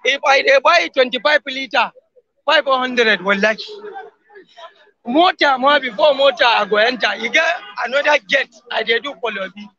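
A Nigerian man speaking Pidgin English in an animated street interview, his voice very high and piercingly bright. He swears oaths as he presses his point. The recording is dull and lo-fi. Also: normal speed, dry recording. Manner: emphatic pidgin English, swears wallahi often.

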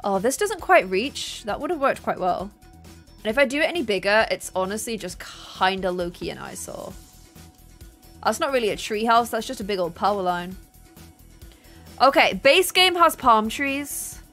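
A young woman streaming a building game, chatting casually and excitedly thanking her viewers. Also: on the high side, moderate pace. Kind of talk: casual gameplay livestream chat. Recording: faint music behind.

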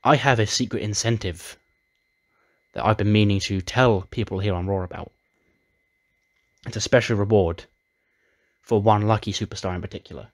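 A man voicing a female wrestling authority figure who teases a secret reward in a coaxing, secretive way, in a low voice. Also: fairly even intonation, normal speed, long pauses, dry recording, studio quality. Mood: teasing.

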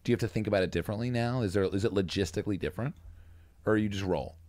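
Low-voiced podcast host. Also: male voice, racing, a little mellow, no room sound. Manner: rambling questions, many fillers. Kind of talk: casual podcast interview.

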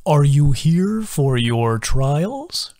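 A man doing a slow crooning turtle-man. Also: very animated, dark tone, heavily acted. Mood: conspiratorial. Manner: slow crooning drawl with wild pitch swings. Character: slow sing-song turtle-man mentor, three feet tall. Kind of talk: audiobook character voice.

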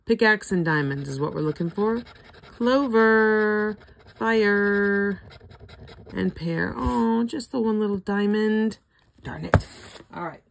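An older woman with a hoarse throat, casually calling out scratch-off ticket symbols one by one with chatty asides. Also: mid-range voice, takes it slowly, slight background noise. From Florida. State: hoarse, throat not cooperating. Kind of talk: casual running commentary.

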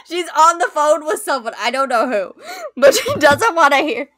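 A woman's voice: high-pitched, big pitch swings, moderate pace, a bit bright, no echo, studio quality. A woman streamer chatting casually during a co-op game, teasing her partner and swearing freely. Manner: swears often and teases her co-player. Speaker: streamer host. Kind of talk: casual gameplay chat.

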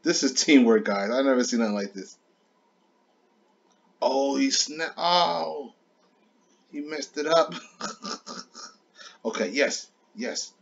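A man playing a video game with his young child, giving casual, excitable commentary, laughing often and cheering on other players. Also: medium pitch, slow, vocal fry, long pauses, muffled recording.

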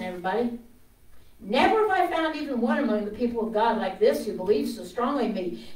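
A woman preaching a sermon with passion, swinging from loud declarations to hushed storytelling. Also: high voice, reverberant, distant mic, poor audio.

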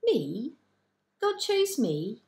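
A woman's voice: lively intonation, slow. A woman voicing young Mary, a girl who exclaims in disbelief in a children's Bible story. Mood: astonished. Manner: high, incredulous exclamations. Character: young girl Mary, amazed and wide-eyed.

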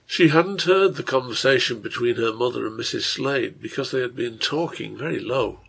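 A man reads a translated Victorian serial aloud at a steady, measured storytelling pace. His voice sits in a middle pitch, with a gravelly creak and a husky, slightly rough tone. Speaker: reader, translator. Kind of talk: reading a translated novel aloud.

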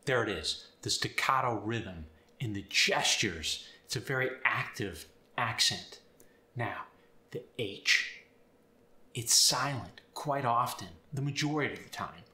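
A man teaching accents and explaining sounds step by step in an upbeat, clear way. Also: medium pitch, lively intonation, a little slow, bright, forceful tone, echoey room. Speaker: accent coach. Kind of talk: instructional video.

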